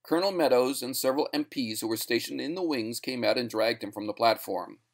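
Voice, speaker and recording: A man with a gravelly, middle-pitched voice reads a short story aloud. His scripted narration is even and measured, moving the plot along steadily and without hurry.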